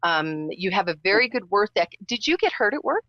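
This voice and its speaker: A woman's voice: medium pitch, very animated, fairly quick, no echo, highs cut off. A woman hosting a call-in psychic show, talking in a chatty, teasing way with emphatic repetitions. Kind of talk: live call-in psychic reading.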